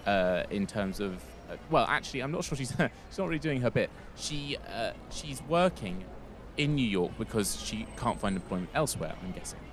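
Faint music plays behind an Englishman hosting a relaxed history podcast in an animated, mid-range voice. He speaks at a moderate pace with barely a pause, rambling chattily and fixing his own slips along the way.

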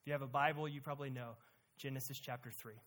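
A preacher giving a sermon with emphasis, asking the listeners rhetorical questions and shifting between quiet and loud delivery. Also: mid-range voice, fairly even intonation, quick pace.

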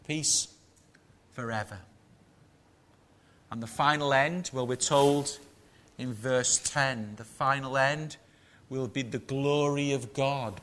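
Slow, forceful male preacher. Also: medium pitch, slight background noise. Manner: measured, emphatic preaching with rhetorical questions. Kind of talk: sermon.

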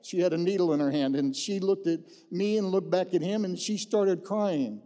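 Folksy middle-aged preacher in a hall. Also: male voice, sits high, normal speed, warm tone. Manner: folksy storyteller, repeats phrases for emphasis. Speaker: pastor. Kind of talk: personal testimony from the pulpit. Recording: long reverb in a large hall.

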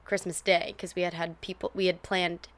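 A woman telling shared memories in a casual, animated way, laughing often and swearing now and then, close to a podcast microphone. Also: fairly low pitch, moderate pace. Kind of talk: casual chat.

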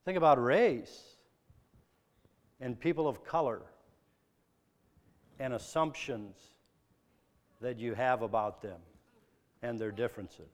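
Slow, earnest preacher man in a reverberant hall. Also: medium pitch. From American Midwest. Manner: probing rhetorical questions, earnest and searching. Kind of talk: sermon.

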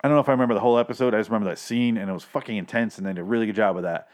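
A man's voice: fairly low pitch, racing. A man casually recapping a TV episode at home, rambling and swearing freely with audible pops on his microphone. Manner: profane, rambling, self-deprecating. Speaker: podcast host recapping a TV show. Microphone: home microphone with audible plosives.

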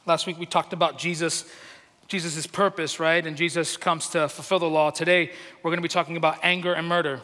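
A man preaching a sermon to a congregation, chatty and self-deprecating, laughing often and getting loud when he is emotional. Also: a little high, level tone, a little fast. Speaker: pastor. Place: church hall. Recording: long hall reverb.

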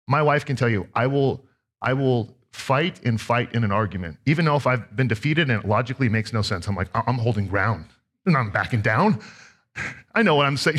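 Man, 40s, pastor, sermon, church sanctuary, mid-pitched voice, soft low prayer, animated storytelling. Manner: animated storytelling, voice rising high for quoted shouts; drops low and soft for prayer and solemn points.

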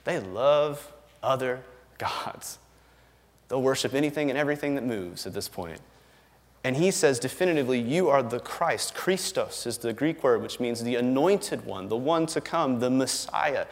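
A man delivers a sermon in a relaxed, conversational manner that builds into firm, emphatic declarations. His voice sits at an ordinary middle pitch for a man. The sound rings out with the long reverb of a large hall. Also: moderate pace, vocal fry. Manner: conversational and emphatic, tags lines with "right?" and chuckles. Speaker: pastor.

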